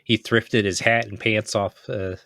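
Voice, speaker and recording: A woman chatting on a podcast, dropping deadpan quips. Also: extremely low pitch, measured pace, vocal fry, no echo, clean studio sound. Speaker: podcast co-host. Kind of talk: casual chat.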